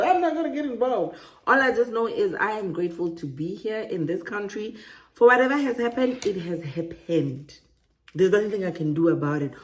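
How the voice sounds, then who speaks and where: A woman talks straight to camera in a relaxed vlog monologue. Her voice sits a little low for a woman. She drifts into side remarks and laughs at her own jokes. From South Africa. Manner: chatty and digressive, laughs often at her own asides. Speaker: relocation vlogger.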